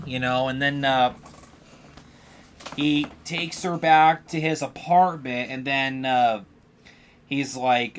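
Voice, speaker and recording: A man's voice: on the high side, slow pace. A man hosting a podcast, retelling a film's plot in a casual, rambling way with lots of fillers. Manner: rambling, filler-heavy storytelling, animated retelling of scenes. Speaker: podcast host. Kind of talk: casual film recap.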